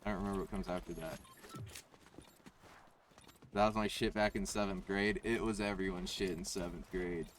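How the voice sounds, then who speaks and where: A man's voice: sits low, steady tone, normal speed, long pauses. A young man streaming a game live, chatting with crude, melodramatic, self-mocking humor. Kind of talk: live gameplay stream chat. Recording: distant from the mic with faint noise.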